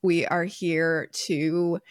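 A woman's voice: lowish voice, flat delivery, drawn-out words, no echo, clean studio sound. An American woman co-hosting a podcast, chatting in a bubbly, talkative way. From United States. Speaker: podcast co-host. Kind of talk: casual chat.

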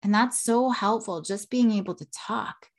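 A woman's voice: medium pitch, normal speed. A woman in her thirties hosting a solo parenting podcast, earnest, with a habit of tagging "right?" onto her points. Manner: earnest, repeats "right?" often.

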